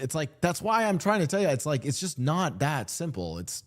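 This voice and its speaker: A man streaming and chatting casually about world politics, rambling and animated, often restarting his sentences and slipping into mock voices. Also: a little high, moderate pace, few pauses. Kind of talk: casual livestream chat. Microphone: streaming desk mic.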